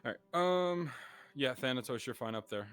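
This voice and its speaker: A man acting as game master, giving halting, casual instructions to players in a roleplay session. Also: medium pitch, animated, fairly bright tone. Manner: halting, with many fillers and restarts.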